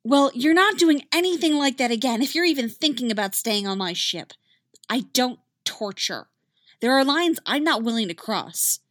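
A woman voicing a fierce, principled young female rebel pilot who speaks in a raised, forceful voice. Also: on the high side, animated, slow, no echo, studio quality, pitched above the performer's own voice, exaggerated voice. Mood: indignant.

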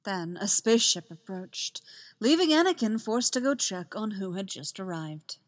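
A woman reading a story aloud, slow and soft-spoken, letting her phrases fall quiet at the ends. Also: medium pitch, expressive, big-room sound. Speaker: fan fiction reader. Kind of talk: storytelling narration.

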